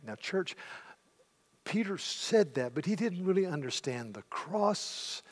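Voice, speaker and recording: Speaking unhurriedly in a mid-range voice, a middle-aged pastor preaches in a church sanctuary. He brings the story alive, retelling scenes in the voices of its characters, while long hall reverb fills the recording.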